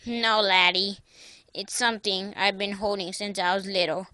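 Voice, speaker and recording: A woman's voice: medium pitch, steady tone, normal speed, pushed and bright, no echo, natural voice. A woman voicing a dying old grandfather in his nineties, a former pirate who growls "laddie" in a homemade puppet comedy. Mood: rambling. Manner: growly pirate talk, calls everyone laddie.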